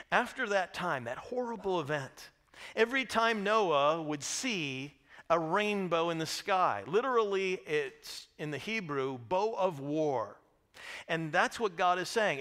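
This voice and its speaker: A man pastor preaching a sermon, telling the story lively and asking the congregation questions. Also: high-pitched, unhurried. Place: church sanctuary.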